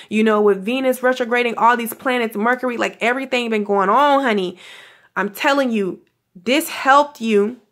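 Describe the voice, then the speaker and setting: A woman's voice: a little high, fairly bright tone. A woman giving a casual spiritual pep talk to her viewers, gushing and affectionate, calling them honey and laughing often. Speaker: spiritual guidance vlogger.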